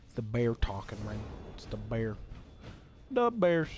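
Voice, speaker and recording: Excitable, foul-mouthed gaming man. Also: medium pitch, measured pace, soft background music. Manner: profane, excitable trash talk with sudden yells. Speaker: gameplay commentator. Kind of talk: casual live gaming commentary.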